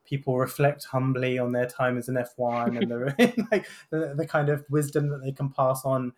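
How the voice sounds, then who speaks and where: A man's voice: medium pitch, steady tone, normal speed, a little mellow. A man, a doctor hosting a casual podcast chat, rambling with lots of "kind of" and tag questions.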